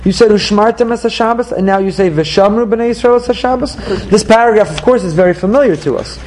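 Man, Torah teacher, text study class, probing rhetorical questions, high-pitched, faint background hiss. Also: quick pace, a little mellow, poor audio.

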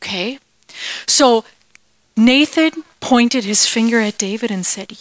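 A woman teaches children a Bible lesson in a playful, animated way and asks the kids questions. Her voice is fairly high. The recording is close and dry. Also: slow pace, long pauses, dry recording.

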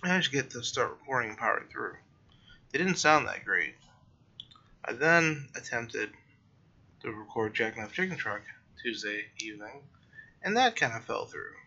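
A tired young man talks through his week on his own podcast, rambling and correcting himself. His voice is gravelly but bright and sharp. The recording is dull and lo-fi. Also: medium pitch. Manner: rambling, self-correcting, yawning late at night. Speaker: podcast host. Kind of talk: casual solo monologue.

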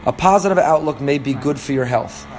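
There's crowd noise as a man with a fairly high voice speaks fairly quickly. He's teaching a Torah class, reading and translating texts with earnest explanation, repeating phrases and chuckling at his own stories. Young adult to middle-aged, he is the father of a four-year-old.

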